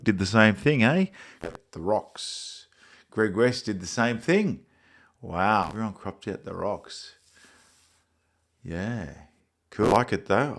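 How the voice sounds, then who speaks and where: Congested deep-voiced Australian man. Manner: relaxed, rambling, with frequent fillers. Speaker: photography show host. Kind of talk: live-stream chat reviewing viewer photos.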